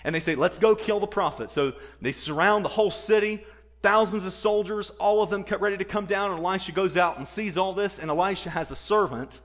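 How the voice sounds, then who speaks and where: A man preaching a sermon, telling a story with animated energy, repeating words and acting out the people he quotes. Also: high-pitched, fairly quick. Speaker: pastor.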